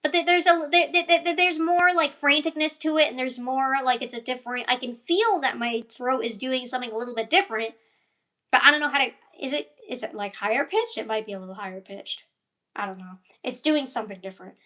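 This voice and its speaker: High, bright rambling young woman. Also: brisk. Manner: rambling, full of fillers and tangents, yawning. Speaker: animator and voice actor. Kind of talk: rambling casual vlog chat.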